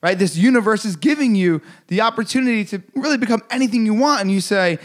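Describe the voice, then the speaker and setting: A man's voice: high voice, animated, quick pace, few pauses. A man giving an intense motivational speech, repeating phrases and swearing for emphasis. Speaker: motivational speaker.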